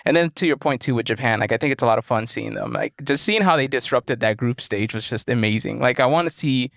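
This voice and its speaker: A man co-hosting a podcast in casual sports chat, easygoing and halting, with many fillers and restarts. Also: mid-range voice, gravelly, a bit bright, dry recording, studio quality. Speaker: podcast co-host.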